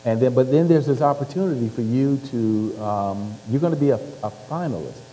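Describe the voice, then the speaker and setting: A man's voice: mid-range voice, fairly quick. A man interviewing a guest onstage, steering the story with questions and often murmuring agreement. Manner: frequent soft affirmations, guiding questions. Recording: reverberant hall with faint hum.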